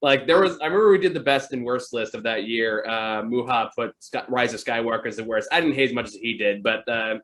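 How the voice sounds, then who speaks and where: A man's voice: mid-range voice, fairly quick, hardly any pauses, fairly bright tone. A man hosting a casual talk show, telling long rambling stories about movies with many fillers. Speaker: podcast host. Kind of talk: casual chat.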